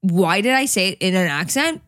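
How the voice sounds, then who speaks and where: A woman's voice: medium pitch, big pitch swings, brisk, a bit bright, no room sound, clean studio sound. A young woman co-hosting a casual podcast, telling a rambling story, swearing freely and giggling. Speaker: podcast co-host. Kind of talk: casual chat.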